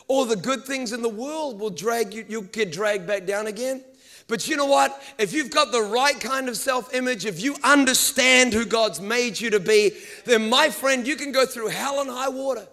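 A man preaching a sermon to a live congregation, telling stories with humor, animated delivery and vocal sound effects. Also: very high voice.

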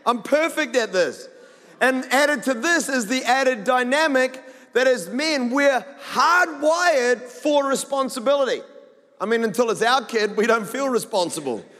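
A New Zealand man preaching from the stage, his voice sitting high for a man. He talks in a loose, joking, story-driven way. The sound rings with the long tail of a big hall. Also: animated, a little slow, sharp tone. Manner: conversational, humorous storytelling. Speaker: pastor. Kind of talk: sermon.

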